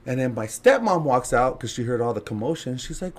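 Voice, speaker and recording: A man telling a story as a podcast guest, casual and animated, laughing and acting out other people's lines. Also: medium pitch, a little fast, hardly any pauses. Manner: animated, laughing, acts out quotes.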